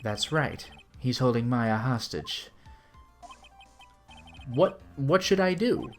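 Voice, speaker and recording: A man's voice: mid-range voice, animated, slow pace, faint music behind. A man reading a flustered young lawyer. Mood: rattled. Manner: stammering, rattled. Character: flustered, earnest young male defense lawyer.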